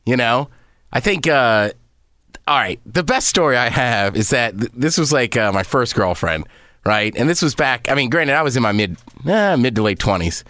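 A man's voice: mid-range voice, expressive, moderate pace, bright, forceful tone, no echo, clean studio sound. A man in his thirties co-hosting a radio show, teasing and easygoing in casual banter.

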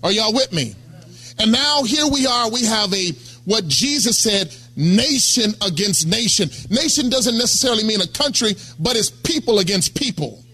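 A man's voice: sits high, animated, moderate pace, sharp tone, breathy edge. A middle-aged man preaching a sermon in a conversational way, often calling out to the congregation. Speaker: pastor.

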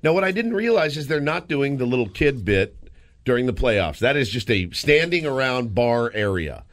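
A man co-hosting a sports radio show, telling a story in a lively, casual way with frequent restarts, in a studio. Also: mid-range voice, moderate pace, no room sound. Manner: animated storyteller, lots of restarts.

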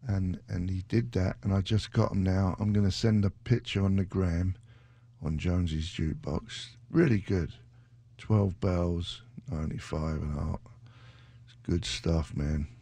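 A man's voice: gravelly, dry recording. A man, chatting casually as a radio DJ between songs, rambling and joking. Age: 60s. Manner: rambling, joking, drops into a sudden high shouting bit. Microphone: studio microphone.

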